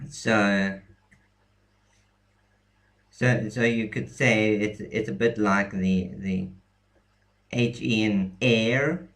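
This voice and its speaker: Male teacher, unhurried and halting, slightly low voice, casual tutorial read. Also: steady tone, a bit bright. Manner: halting, many ums and restarts. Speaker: language teacher. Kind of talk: casual screen-share lesson.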